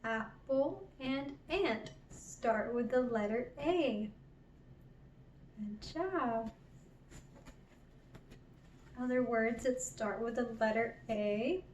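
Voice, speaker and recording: A woman teaching toddlers phonics, gentle and encouraging, drawing out each sound. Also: on the high side, recorded from a distance, a little hiss or hum. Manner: gentle, encouraging, drawn-out repetition. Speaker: children's educator. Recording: roomy, from off the mic.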